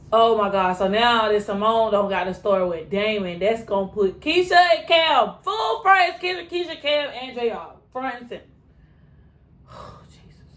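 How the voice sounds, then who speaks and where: A woman's voice: medium pitch, a little hiss or hum. Exasperated woman reacting to TV. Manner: animated, exasperated, talks back to characters on screen. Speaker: TV reaction reviewer. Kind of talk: casual reaction commentary.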